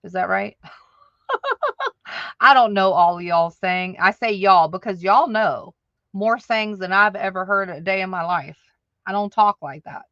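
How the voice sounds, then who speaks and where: A woman's voice: mid-range voice, lively intonation, slow, fairly bright tone, no echo, muffled recording. A woman hosting a live stream who chats straight to her viewers, laughing often. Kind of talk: casual livestream chat. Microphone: audio-only livestream.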